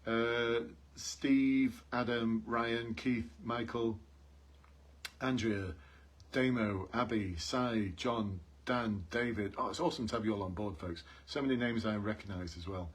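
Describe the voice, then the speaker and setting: A little slow and steady in tone, a man with a medium-pitched, husky voice coaches applicants for police jobs on a live stream. He is earnest, says the key points again and again, and calls out to his viewers.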